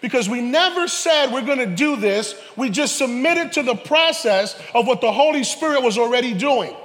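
New preacher guy, high and bright, big echoey church, jokes around and then shouts. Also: normal speed. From New York, Harlem. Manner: animated preaching with joking asides; rises to shouts at peaks. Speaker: pastor. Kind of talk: sermon. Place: church sanctuary. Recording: reverberant church hall.

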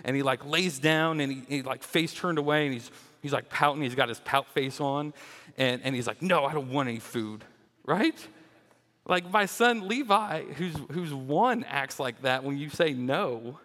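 A young man giving a lively, joking sermon as a children's minister, often restarting his words. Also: fairly high pitch, measured pace, big-room sound. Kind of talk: animated sermon.

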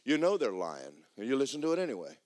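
A man preaching a sermon as pastor in a church, animated and emphatic with folksy humor. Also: medium pitch, fast. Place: church sanctuary.

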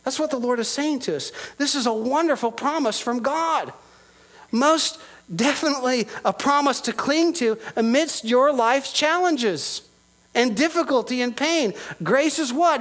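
A high-voiced man delivers a sermon from the pulpit. He preaches earnestly, leaning into key words and letting his voice rise and fall with each point. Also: rough recording. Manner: earnest preaching, rising and falling with emphasis. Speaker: pastor.

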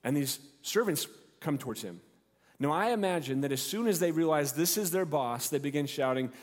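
A man's voice: a little high, lively intonation, moderate pace. A male pastor preaching a sermon, retelling the story expressively and acting out the characters' lines. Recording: long hall reverb.

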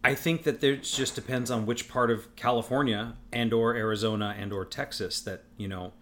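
Measured, halting podcast host, man in his forties, mid-pitched, low-key delivery. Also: steady tone, a bit bright, a little hiss or hum. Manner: hesitant, measured, with many restarts. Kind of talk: casual podcast chat.

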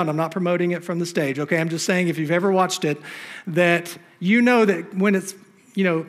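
A pastor preaching a sermon on a church stage, emphatic and fond of rhetorical questions to the congregation. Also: male voice, sits high.

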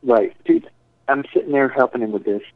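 A man's voice: medium pitch, animated, brisk. A man telling a rambling story in casual chat, swearing and saying "dude" and "like" a lot. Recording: tinny phone-like sound, dry.

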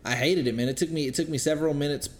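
A man's voice: fairly high pitch, very fast. A man telling a story in casual chat, cursing freely and repeating words as he gets worked up. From Texas. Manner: profane, animated storyteller, repeats words when excited.

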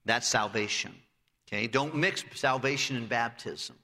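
A man's voice: medium pitch, unhurried, creaky, bright, forceful tone, in a large hall. A man preaching a sermon, retelling scripture vividly and reading in old-style biblical phrasing.

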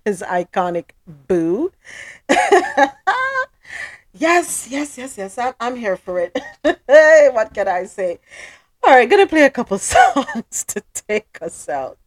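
A woman's voice: on the high side, sing-song, slow pace, no room sound. A woman hosting a podcast, reading news items and then drifting into playful, gossipy chat with frequent giggles. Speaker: podcast host. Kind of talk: casual news recap chat.

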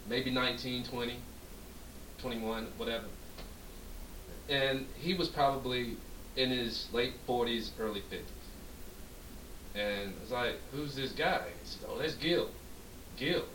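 A man co-hosting a podcast, telling a long profane story and acting out the dialogue in it. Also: mid-range voice. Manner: animated, profane, acts out quoted dialogue. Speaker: podcast co-host. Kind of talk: drunk storytelling chat. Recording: echoey room, distant mic, faint hiss.

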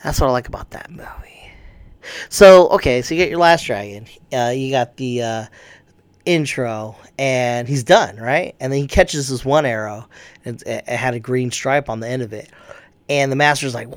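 A man's voice: mid-range voice, normal speed, no echo. A man casually retelling a kung fu movie plot, rambling and swearing, acting out the characters' lines. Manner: rambling, profane, acts out quotes.

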